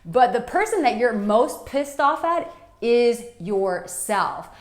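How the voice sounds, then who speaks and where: A woman's voice: on the high side, sing-song, slow, roomy sound. A woman who is a relationship coach, giving blunt, frank advice to camera in a casual vlog and swearing freely.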